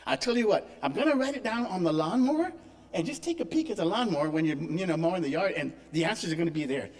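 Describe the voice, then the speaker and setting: A man's voice: high voice, expressive, fast talker. A man voicing a male church gardener reassuring his friend in a told joke.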